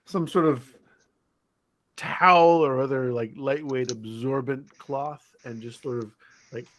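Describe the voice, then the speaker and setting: A man's voice: medium pitch, fairly even intonation, unhurried, a bit bright, slight background noise. A man playing a tabletop game, speaking in a hesitant, rambling way. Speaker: player. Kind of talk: in-character tabletop role-play.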